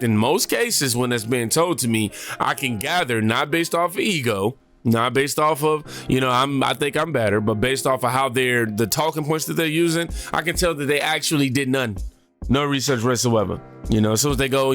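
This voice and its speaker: A man hosts a reaction show, talking loosely in slang and stopping for asides and fillers. His voice sits in a middle pitch. Faint music plays quietly beneath him. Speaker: reaction channel host. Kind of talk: casual commentary reacting to clips.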